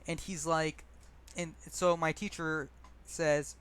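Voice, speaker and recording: A young man with a slightly high, smooth and resonant voice chats through a rambling, self-deprecating story about his own poems. He often stops and restarts, with plenty of fillers, before he reads his own poetry aloud. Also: level tone, slow pace, a bit bright. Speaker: poet reading his own work. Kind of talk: casual storytelling and poetry reading.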